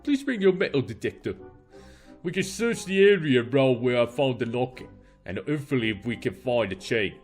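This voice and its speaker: With a cold, a man voices an eager young British friend on a treasure hunt, putting on a faltering British accent. His mid-range voice is expressive and a little mellow, moving at a normal speed with an upbeat, enthusiastic, lightly acted feel over faint background music.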